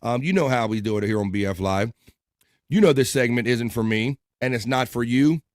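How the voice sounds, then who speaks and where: A man's voice: mid-range voice, a little fast, no room sound, clean studio sound. A man hosting a casual live-stream show, joking and laughing as he reads viewer comments. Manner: joking, laid-back, laughs often. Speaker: livestream show host.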